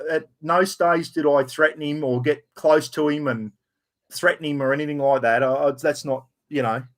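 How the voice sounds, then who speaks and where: A middle-aged Australian man ranting to camera in a casual vlog, blunt and heavily profane. His voice sits a bit high for a man, and he tells the story in a heated, rough-edged way. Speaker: vlogger.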